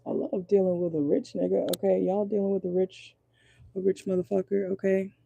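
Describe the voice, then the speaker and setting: Woman tarot reader, hoarse and gravelly, casual and profane, dark husky tone. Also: medium pitch, flat delivery, a little fast. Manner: chatty, frequent "okay?" check-ins, swears casually. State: voice going hoarse. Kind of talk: casual tarot reading monologue.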